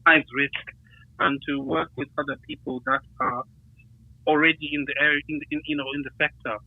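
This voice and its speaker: A man's voice: on the high side, little pitch movement, fairly quick, no room sound. A man talking casually about running a business, hesitant, with many fillers and restarts. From United Kingdom. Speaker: guest. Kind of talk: casual conversation. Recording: tinny phone line, dry.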